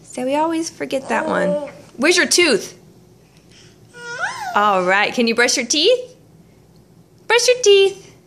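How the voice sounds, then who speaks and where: A young woman coaxing a toddler in a home video, asking simple questions in slow, singsong baby talk. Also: sits high, lively intonation, fairly bright tone, slight background noise. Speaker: parent talking with a toddler.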